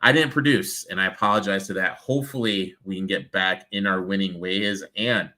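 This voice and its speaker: A man from the United States hosts a casual sports betting show. His low voice has a bright, forward edge. He chats loosely and reels off baseball numbers. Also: steady tone, brisk. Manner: loose, chatty, rattles off stats.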